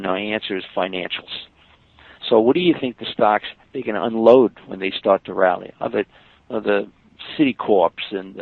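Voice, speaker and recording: A man's voice: fairly low pitch, vocal fry, breathy edge, no room sound. An older man, a market technician telling stories in a podcast interview, emphatic and full of fillers. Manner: storytelling, emphatic, many fillers. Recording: dry, tinny phone-like line.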